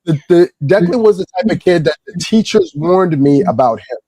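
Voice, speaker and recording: A man from Irvington, New Jersey, telling a casual story as a guest, calm and subtle, then rising in energy. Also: high-pitched, normal speed, no room sound, low-quality recording. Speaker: guest, kids' Lego class instructor.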